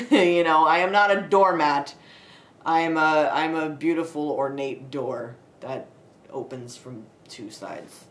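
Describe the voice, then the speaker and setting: A young woman video creator rants casually about a film she watched, sarcastic and profane, laughing often. Her voice sits low and slow, recorded on a home setup with a desk light in an echoey room.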